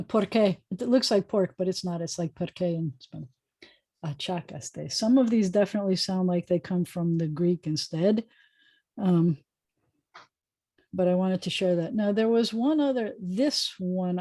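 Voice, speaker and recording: A woman's voice: mid-range voice, warm tone, no echo. Chatty woman rabbi teaching online. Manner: chatty, thinking aloud, many fillers. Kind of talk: informal online lesson. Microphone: video call.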